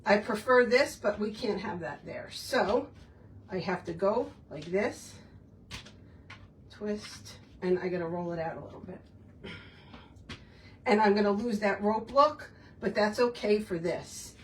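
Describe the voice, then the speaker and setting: Working with her hands on camera, a craft video host talks to herself and her audience in a chatty, casual tutorial. She speaks unhurriedly in a mid-range voice, pausing at length. A distant mic adds a little hiss or hum.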